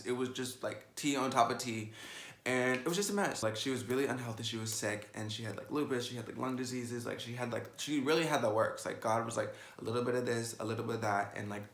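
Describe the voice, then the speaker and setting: An eighteen-year-old makeup vlogger with a bright, mid-range voice tells a personal story in a casual vlog. He's chatty and sassy, dropping "like" constantly, and the room gives off a noticeable echo.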